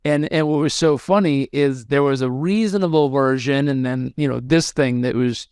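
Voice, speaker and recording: A man in his thirties, a podcast guest telling a story in an animated way and acting out the voices of the people in it. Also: medium pitch, normal speed, clear, resonant tone, no room sound, studio quality.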